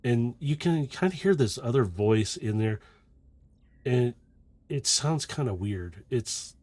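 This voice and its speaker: A man narrating a tabletop game as game master, slow and descriptive with frequent restarts. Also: mid-range voice, expressive, a little mellow, dry recording.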